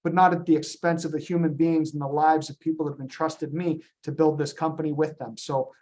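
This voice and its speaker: A man leading a business presentation on a group call, animated and storytelling, with frequent ums and retold dialogue. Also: on the high side, brisk. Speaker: company founder presenting to agents on a call.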